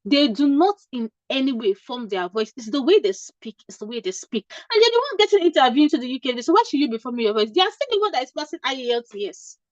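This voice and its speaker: A high-pitched woman from Nigeria coaches nurses through interview prep in an emphatic, repetitive way, often checking in with "okay?". The recording sounds dry and a little dull. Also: sing-song, fast, hardly any pauses, dry recording. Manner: emphatic, repeats points, asks "okay?". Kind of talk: informal advice talk.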